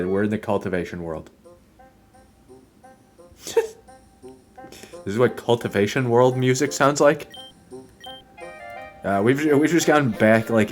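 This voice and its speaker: A young man streaming a game, chatting casually, rambling and swearing, with sudden loud outbursts between mumbles. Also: lowish voice, measured pace, long pauses, soft background music.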